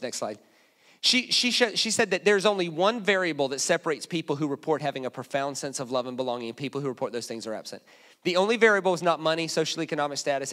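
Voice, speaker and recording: A man preaching a sermon in a church, telling humorous stories and dropping suddenly to hushed asides. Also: medium pitch. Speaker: guest preacher. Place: church auditorium.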